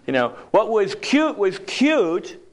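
A man delivers a motivational talk in a loose, conversational way. His voice sits a little high for a man, and he keeps it light with jokes and acted-out asides. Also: very animated, takes it slowly. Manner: conversational, jokey, acts out quoted lines. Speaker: speaker giving a talk.

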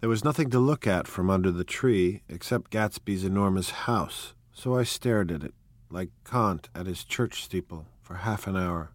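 A man narrating an audiobook in a measured, even, unhurried reading. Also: low-pitched, no echo. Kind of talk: scripted narration.

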